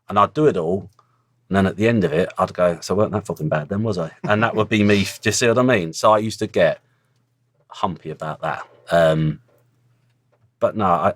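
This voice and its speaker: Man, middle-aged, very deep, dry close mic, earthy and blunt. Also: dry recording. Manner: blunt, earthy storytelling with swearing. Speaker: former footballer, guest. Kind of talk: casual interview chat.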